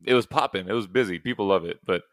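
Low-voiced man telling animated stories. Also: fast, dry recording, studio quality. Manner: animated storyteller, acts out quoted people. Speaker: podcast co-host. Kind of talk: casual chat.

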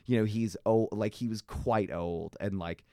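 A man chatting casually, telling animated stories with many fillers. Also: lowish voice, unhurried, no room sound, clean studio sound. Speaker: guest. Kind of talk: casual conversation.

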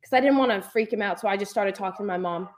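A young woman chatting casually as a hockey fan, telling animated stories and acting out what she said. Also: medium pitch, quick pace. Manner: animated storytelling, acts out her own quotes. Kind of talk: casual chat.

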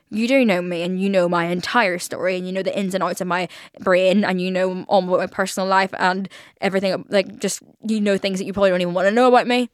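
A young woman talks straight into a close, dry mic in a casual podcast monologue. She rambles, swears freely and fills every gap with "like." Her pitch sits in an everyday middle range. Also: fairly even intonation, fast talker, clean tone, dry recording. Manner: chatty, swears, heavy filler "like". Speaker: podcast host.

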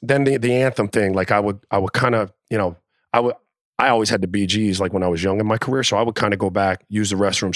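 A man telling a locker-room story in a casual podcast chat, animated and profane, acting out the quotes. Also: fairly low pitch, dry recording, clean studio sound. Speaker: podcast co-host, former NBA player.

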